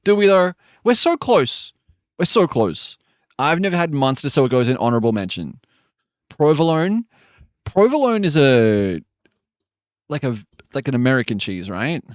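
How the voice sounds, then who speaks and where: A man's voice: medium pitch, sing-song, normal speed, pauses often, dry recording, studio quality. A man chatting casually on a live stream, rambling and joking, with frequent swearing. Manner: rambling, jokey, swears often.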